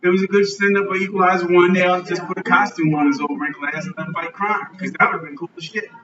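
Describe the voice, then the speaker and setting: A man hosting a live podcast on a club stage, joking loudly and swearing a lot. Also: high-pitched, steady tone, fast, very noisy. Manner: loud, profane, joking. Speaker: podcast host. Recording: roomy lo-fi live venue recording from a distance.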